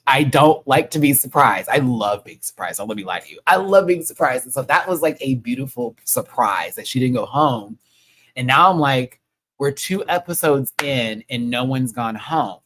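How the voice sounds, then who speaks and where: Young guy ranting on a live review stream, swears a lot, gets excited. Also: mid-range voice, rough recording. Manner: chatty, swears often, excitable.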